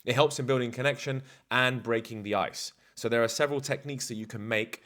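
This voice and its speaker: A man's voice: medium pitch, fairly even intonation, fairly quick, a bit bright. A man talking as a dating coach in a casual vlog, blunt, slangy and self-assured.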